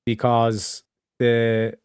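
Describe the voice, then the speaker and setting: Male streamer host, loose rambling talker who swears a lot, smooth and dry. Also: mid-range voice, monotone, drawn-out words, a little mellow, no room sound. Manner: rambling, many fillers and restarts; swears casually. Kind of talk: casual chat.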